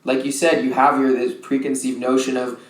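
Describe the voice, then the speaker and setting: A man's voice: mid-range voice, little pitch movement, a little fast. A man hosting a podcast, asking questions in a casual, affirming way. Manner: supportive, affirming listener with frequent backchannels. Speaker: podcast host. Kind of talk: casual interview chat. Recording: roomy echo.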